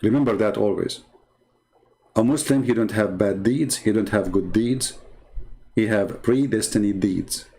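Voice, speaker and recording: A man's voice: fairly low pitch, creaky, dark tone. Sarcastic, scolding man on a live stream. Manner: sarcastic, scolding and emphatic, often pausing to read comments. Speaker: online religious debater. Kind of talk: live-stream debate commentary.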